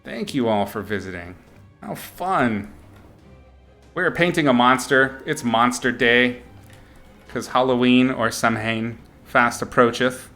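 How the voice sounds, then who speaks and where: Unhurried, giggly man streaming his painting. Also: mid-range voice, soft background music. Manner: playful, giggly, greets chat warmly and makes up silly words. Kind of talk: casual live-stream chat while painting.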